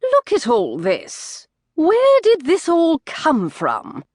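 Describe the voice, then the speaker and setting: Woman reading stern domineering mother, cold clipped lecturing, lively pitch. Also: takes it slowly, no room sound, clean studio sound, heavily acted. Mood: scornful.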